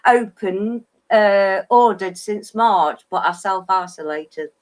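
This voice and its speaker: A woman's voice: medium pitch, slow pace. An English woman from Derbyshire co-hosting a live stream, laid-back and giggly. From England. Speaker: co-host.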